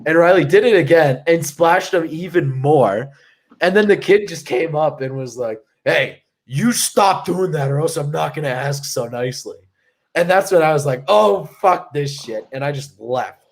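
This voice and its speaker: A man's voice: on the high side, expressive, moderate pace. A young man co-hosting a podcast, telling rambling stories to a live chat, swearing and packing his talk with fillers. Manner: rambling, profane, lots of "like" fillers. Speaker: podcast co-host. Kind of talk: casual storytelling to a live chat.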